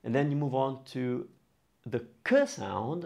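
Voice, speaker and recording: A man gives a beginner language lesson at a middle pitch. A gravelly edge runs through his voice as he explains patiently and exaggerates each vowel and syllable to demonstrate. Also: unhurried, dark tone. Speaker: Italian teacher.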